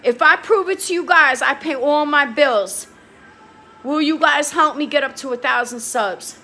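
A woman's voice: high-pitched, measured pace, bright, forceful tone, faint music behind. A young woman talking straight to her viewers, heated and pleading, swearing and repeating herself. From New York. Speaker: vlogger. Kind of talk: emotional talk to camera.

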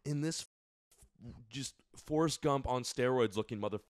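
A man's voice: medium pitch, moderate pace, no room sound. A young man spinning a rowdy story on a podcast, loose and profane, jumping into other people's voices as he goes. His voice sits mid-range and sounds close and dry, with almost no room around it. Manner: animated, swearing, acts out voices of others. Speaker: podcast co-host. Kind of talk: casual storytelling.

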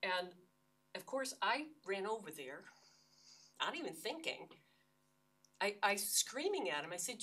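A woman's voice: medium pitch, expressive, normal speed, a bit bright. An older American woman giving an academic lecture, earnest and emphatic, often restarting her phrases. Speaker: university lecturer. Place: lecture hall. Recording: distant lecture-hall recording.

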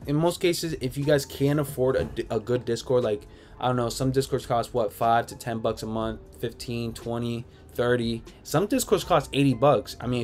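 Reading viewer comments aloud, this sneaker livestream host replies in a relaxed, rambling style from his home. His voice is medium in pitch and a little mellow.

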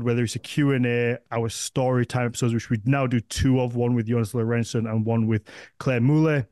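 A man's voice: medium pitch, fairly even intonation, moderate pace, darkish tone, no echo, studio quality. A man with a Northern English accent hosting a podcast, chatting casually and rambling with frequent restarts. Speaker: podcast host.

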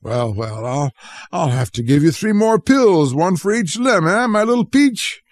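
A man's voice: high voice, very animated, measured pace, dry recording, pitched above the performer's own voice, exaggerated voice. A man doing a jovial old family doctor.

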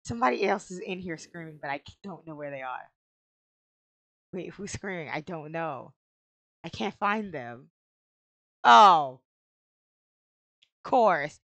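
A woman's voice: lowish voice, animated, slow pace, pauses often, a bit bright, no echo. A young woman giving casual commentary as she plays a life-simulation game, often exasperated and talking back to it. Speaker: gaming video creator.

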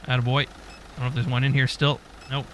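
A man's voice: medium pitch, flat delivery, quick pace, background noise. A man giving casual gameplay commentary, muttering to himself as he goes and swearing often. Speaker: gaming YouTuber.

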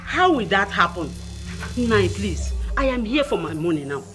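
A woman's voice: medium pitch, sing-song, normal speed, music in the background, natural voice. A woman with a Nigerian accent, playing a blunt creditor who scolds a man for her money. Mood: scolding. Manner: scolding, bossy. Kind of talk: Nollywood film acting.

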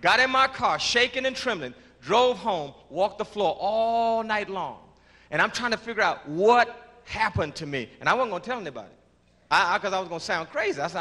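A man giving his church testimony, halting and repeating words, then rising into shouts of praise. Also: high voice, animated. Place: large church before a congregation. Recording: reverberant church hall with congregation.

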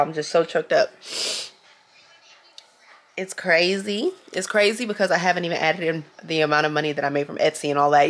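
A woman vlogging casually to her camera at home, gushing and excitable, with lots of ums and likes. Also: low-pitched, creaky. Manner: gushing and excitable, with many fillers. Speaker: small business owner and vlogger.

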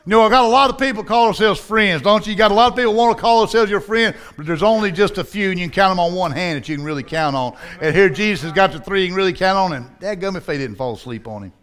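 A man's voice: high voice, fast, hardly any pauses, fairly bright tone. A man preaching a sermon with a Southern accent, in a folksy, down-home style. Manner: folksy, preaching with dialect and acted-out voices.

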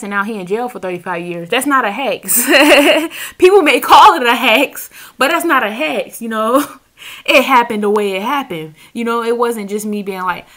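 A woman's voice: mid-range voice, fairly bright tone. A woman reading tarot in a casual, profane chat to camera, laughing often as she talks. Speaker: tarot reader. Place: seated indoors on a squeaky chair.

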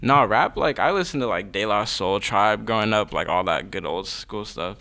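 A man's voice: lowish voice, animated, normal speed, bright, forceful tone. A young man from Southern California, a rapper guest chatting casually in an interview, laid-back and full of "like" fillers.

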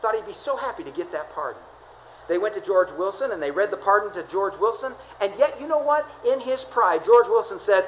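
A pastor delivering a church sermon, repeating key phrases and swinging from hushed, slow passages to emphatic peaks. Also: medium pitch, animated, slight background noise, low-quality recording.

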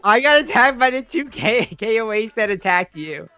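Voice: medium pitch, lively intonation, moderate pace, sharp tone, raised voice, lo-fi sound, soft background music. A co-player in casual gaming chat, easygoing and often laughing.

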